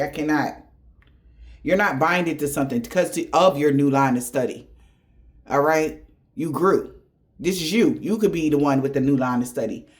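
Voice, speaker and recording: Man, high-pitched, casual spiritual reading, profane slangy storyteller. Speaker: tarot reader.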